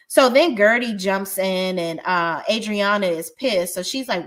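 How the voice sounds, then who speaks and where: A woman's voice: medium pitch, a little slow, hardly any pauses, a bit bright. Blunt, chatty woman recapping reality TV. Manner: chatty, blunt and profane, with frequent restarts. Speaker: reality TV reviewer. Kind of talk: casual recap vlog.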